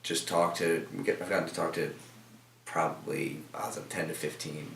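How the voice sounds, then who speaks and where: A man's voice: low-pitched, level tone, moderate pace, a bit bright, slight background noise. A young man talking casually in an interview, rambling with many fillers and restarts, in an office. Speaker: team member guest. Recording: echoey room from a distance.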